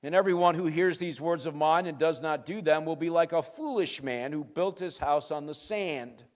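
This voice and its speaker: A male pastor giving an emphatic sermon, swinging between quiet and loud and answering his own rhetorical questions. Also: a little high, normal speed, big-room sound.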